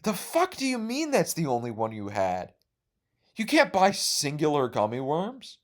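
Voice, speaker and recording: A young man hosting a podcast, telling rambling stories full of swearing, and he gets excited easily. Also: fairly high pitch, unhurried. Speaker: podcast host. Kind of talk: rambling storytelling.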